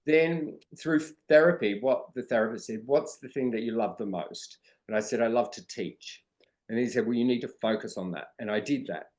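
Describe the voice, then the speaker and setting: A man's voice: mid-range voice, normal speed, a little mellow. A middle-aged Australian man, a drag performer and dance teacher, telling earnest stories as a podcast guest. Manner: earnest storytelling, acting out quoted dialogue. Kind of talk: conversational podcast interview.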